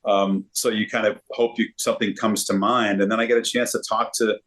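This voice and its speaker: A man, talking in an easy, casual interview. He is an animated storyteller who often repeats words as he gathers his thoughts. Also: fairly low pitch, a little fast. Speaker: sportscaster guest.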